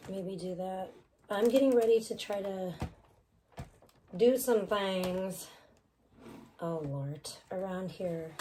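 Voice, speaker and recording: A woman's voice: mid-range voice, slow, long pauses, noisy background. A woman chatting casually on a live stream, rambling and distracted while she tidies up and swears offhandedly. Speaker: livestreamer.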